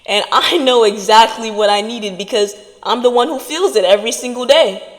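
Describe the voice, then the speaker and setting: A woman's voice: fairly high pitch, normal speed, long reverb tail. A woman hosting a podcast, giving an earnest motivational talk straight to her listeners. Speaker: podcast host.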